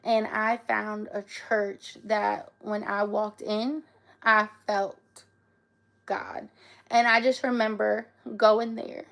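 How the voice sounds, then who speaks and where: A woman's voice: mid-range voice, flat delivery, slow pace, vocal fry, a bit bright. A woman hosting a casual live stream, talking emotionally and often tearfully. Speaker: livestream host.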